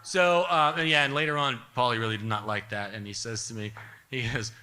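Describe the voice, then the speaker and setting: Bright-voiced man telling a comic story. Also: mid-range voice, brisk, a little hiss or hum. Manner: animated, wry, chuckles through his punchlines. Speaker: storyteller at a live story slam. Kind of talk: live comic storytelling to an audience.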